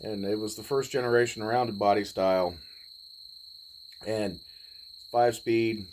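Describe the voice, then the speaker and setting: A man in his forties, telling a personal story in a laid-back, rambling way with pauses. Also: fairly low pitch, steady tone, a little mellow, a little hiss or hum, poor audio. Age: 40s. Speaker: vlogger. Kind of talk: casual storytelling.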